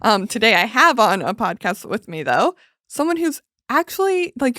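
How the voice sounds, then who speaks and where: A woman hosts a podcast in easy, rambling chat, laughing between thoughts. Her voice sits a little high and comes across close and dry, with no room around it. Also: very animated, fairly bright tone, no echo. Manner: chatty, giggly, fast-running thoughts. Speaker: podcast host. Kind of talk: casual chat.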